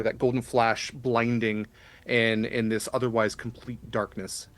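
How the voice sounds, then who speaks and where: A man running a tabletop game, narrating scenes slowly and deliberately with frequent pauses. His voice sits at a middle pitch, plain and steady. He also hosts the show's wrap-up chat. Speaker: game master.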